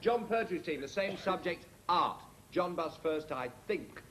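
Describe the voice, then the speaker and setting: A man hosting a comedy panel game, briskly calling out scores and joking with the players. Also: fairly high pitch, animated, a bit bright. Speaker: quiz host. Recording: noisy old TV archive recording.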